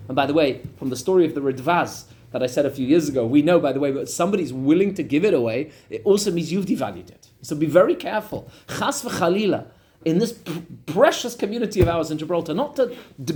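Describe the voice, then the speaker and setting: A man teaching a class as a rabbi, telling a story in an animated way and talking directly to his audience. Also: a little high, quick pace. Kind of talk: storytelling lesson.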